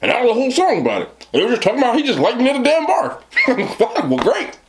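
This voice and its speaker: Extremely high-pitched and swooping wildly, a man speaks fast while telling a rambling story to camera on his mukbang show. He's in his thirties, has a New Jersey accent, laughs often, and leans heavily on "you know what I'm talking about."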